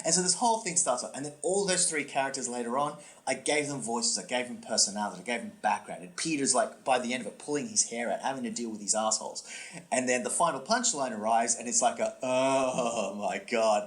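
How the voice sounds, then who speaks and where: A man co-hosting a comedy podcast, telling a long story with swooping pitch, many fillers and restarts. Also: fast. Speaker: podcast co-host and comedy workshop instructor. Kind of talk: casual podcast chat, storytelling.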